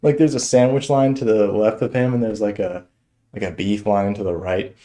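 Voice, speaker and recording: Low, mellow-voiced young man telling a story. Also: normal speed. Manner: animated, chuckles through his own story. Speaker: stand-up comedian. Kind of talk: storytelling stand-up.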